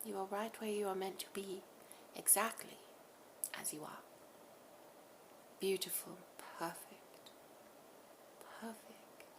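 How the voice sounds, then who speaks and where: A woman's voice: medium pitch, steady tone, background noise. A woman channeling a tender, whispery spirit. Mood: tender, soothing. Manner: slow, soft, often half-whispered affirmations. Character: loving collective spirit, genderless, calm and tender.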